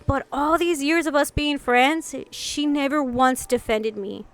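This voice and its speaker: High-voiced young woman telling a story. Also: unhurried, dry recording. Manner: animated, acts out quotes, many "like"s and restarts. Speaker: vlogger. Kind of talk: storytime chat.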